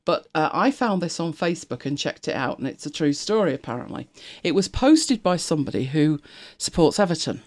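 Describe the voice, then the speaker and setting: A woman's voice: low voice, sing-song, brisk, hardly any pauses, a little mellow. A woman from Britain co-hosting a casual chat stream, sarcastic and chatty, laughing often and thinking aloud as she reads. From United Kingdom. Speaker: co-host of a live stream.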